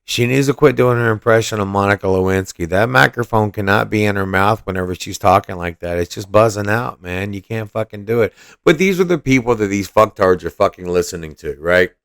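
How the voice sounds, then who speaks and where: A man's voice: on the low side, brisk, creaky, few pauses, fairly bright tone, clean tone, dry recording, clean studio sound. A man hosting a podcast, giving profane, mocking and combative political commentary. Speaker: podcast host.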